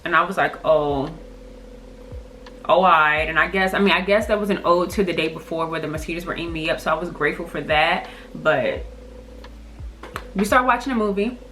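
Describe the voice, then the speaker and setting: A woman telling a funny story in a casual vlog, blunt and animated, recorded on a camera's built-in mic. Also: fairly low pitch, a little fast, long pauses, a little hiss or hum. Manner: sassy, blunt and animated, acting out quotes.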